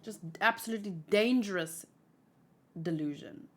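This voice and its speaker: A woman's voice: medium pitch, moderate pace. A woman hosting a manga read-along, reading a comic aloud and adding emotional, rambling commentary.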